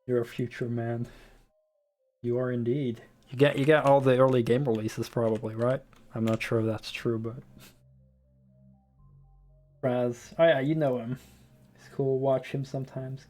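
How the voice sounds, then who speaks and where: A man's voice: mid-range voice, steady tone, moderate pace. A Dutch man with a Dutch accent, a streamer chatting casually with his viewers, rambling and loose, with lots of "like" and free swearing. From Netherlands. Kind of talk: casual live-stream chat. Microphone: desktop USB microphone.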